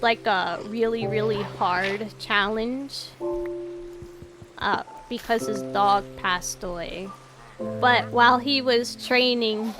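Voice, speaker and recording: A woman chatting in a rambling, low-key way over gameplay, her voice raw and tired, with casual swearing and trailing sentences. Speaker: gaming YouTuber.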